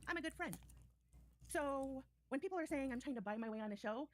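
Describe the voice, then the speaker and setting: A woman's voice: high-pitched, animated, fairly quick, a little hiss or hum. A woman in a clip played on a stream, defensively explaining herself.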